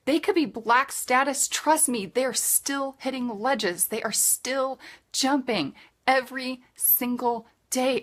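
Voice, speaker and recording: A woman's voice: on the high side, slow pace. A woman leading a direct-sales team, giving an earnest, emphatic motivational pep talk in a live video, with lots of repetition.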